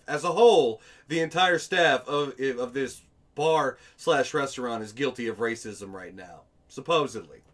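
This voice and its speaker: A man hosts a commentary video, talking casually over footage in a sarcastic, exasperated way and swearing now and then. His voice is medium-pitched, a bit bright, and measured in pace.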